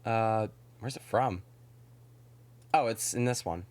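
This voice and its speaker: A woman's voice: a bass voice, slow pace, a little mellow. A woman streamer chatting casually while playing a story game, with offhand, wry asides.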